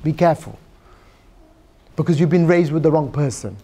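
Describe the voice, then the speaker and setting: A man with a high-pitched voice delivers a sermon. He tells stories in a lively, informal way, softening his voice for quoted lines, and speaks straight to his listeners. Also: moderate pace. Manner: lively storyteller who acts out quotes in a softer voice; direct and informal, addressing the audience. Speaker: preacher.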